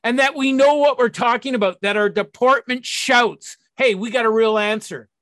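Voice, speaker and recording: A man's voice: extremely high pitch, moderate pace, a bit bright, no echo. A man giving a blunt, profane talk on recovery and sponsorship, acting out the people he quotes.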